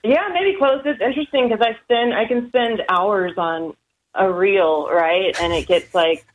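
A woman's voice: mid-range voice, unhurried, low-quality recording. An American woman guest on a radio show, talking hesitantly with many fillers and giggles. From United States. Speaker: guest caller. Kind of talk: casual radio interview.

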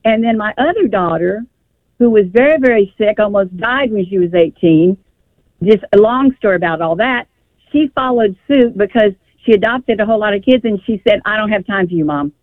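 A woman's voice: mid-range voice, lively intonation, moderate pace, no echo. An older woman calling a radio show, telling a family story in an emotional, rambling way. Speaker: caller. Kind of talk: call-in radio conversation. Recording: tinny phone line.

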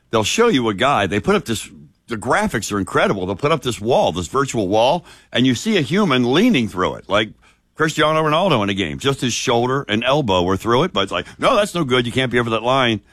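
A man co-hosting a casual studio talk show tells stories in an animated way. His pitch moves a lot, and the dry studio sound keeps him close and clear. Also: brisk, no room sound. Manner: animated, storytelling, drops into quoted voices. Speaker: morning show co-host.

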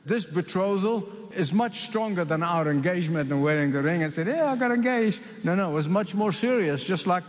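Man, from the Middle East, preacher, emphatic sermon, repeats phrases, high voice, echoing hall. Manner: emphatic, repeats key phrases, slow dramatic pauses. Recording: long reverb of a large hall.

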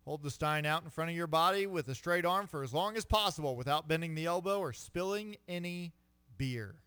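A man's voice: on the high side, brisk, bright, forceful tone, clear, resonant tone, no room sound. A man co-hosting a sports talk radio show, reading out odd trivia and trying German phrases. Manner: reads trivia aloud, mock German phrases. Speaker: radio co-host. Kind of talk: casual sports radio chat.

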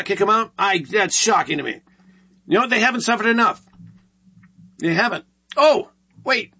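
High bright-voiced guy ranting solo on his show, sarcastic, kinda husky. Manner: rambling, sarcastic, full of rhetorical questions. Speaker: show host. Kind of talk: opinionated commentary monologue.

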